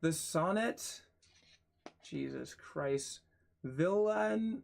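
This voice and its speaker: A man's voice: mid-range voice, little pitch movement, a little slow. A young man reading a textbook aloud on his channel, stumbling over hard words, spelling them out letter by letter, and grumbling and cursing between passages. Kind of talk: casual read-aloud with asides.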